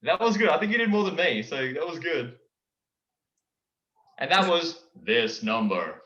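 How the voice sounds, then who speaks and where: A young man with a bright, forceful voice talks with lively, swooping pitch, playful and animated. He often stumbles over repeated words as he starts a thought. His video call audio sounds dull and lo-fi. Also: a little slow. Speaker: guest comedian and impressionist. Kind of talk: casual chat over a call.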